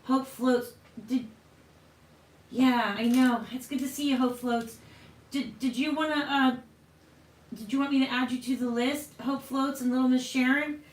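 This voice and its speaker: A woman's voice: sits high, steady tone, a little slow. A woman hosting a live tarot reading, chatting casually with viewers and calling them honey. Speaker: tarot reader and livestream host.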